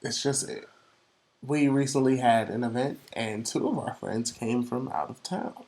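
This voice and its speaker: A man from the Caribbean co-hosting a casual podcast chat, teasing his friend calmly and turning reflective at times. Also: mid-range voice, moderate pace. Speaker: podcast co-host.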